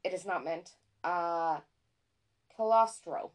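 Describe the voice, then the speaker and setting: Animated, chatty woman podcast host. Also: mid-range voice, moderate pace. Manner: excitable, self-deprecating, chatty. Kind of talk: casual chat.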